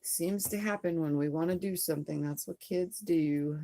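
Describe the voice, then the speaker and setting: A hoarse woman chatting casually on a livestream from her sewing room, rambling and greeting viewers as she reads out their comments. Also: fairly low pitch, moderate pace, mellow, a little hiss or hum. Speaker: live streamer.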